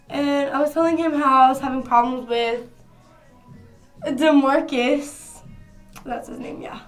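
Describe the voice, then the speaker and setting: Young woman vlogger, high-pitched, casual slangy storyteller, phone mic, soft music behind. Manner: chatty, slangy, rambling. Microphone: phone camera.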